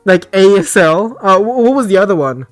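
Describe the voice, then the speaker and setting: A man's voice: high-pitched, animated, moderate pace, dry recording, faint music behind. A man hosting a casual voice chat, ranting with plenty of swearing and laughter.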